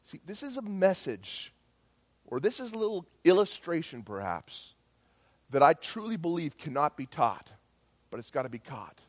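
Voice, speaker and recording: A middle-aged male pastor preaching a sermon with passion, dropping to near-whispers and rising to loud calls. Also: fairly high pitch, big pitch swings, normal speed. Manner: impassioned, swings from hushed to loud.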